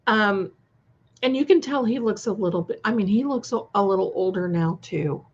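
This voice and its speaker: A woman's voice: mid-range voice, lively intonation, moderate pace. A woman chatting casually on a live stream, reacting to viewer comments with many restarts. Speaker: co-host of a live stream premiere chat. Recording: slightly dull lo-fi sound.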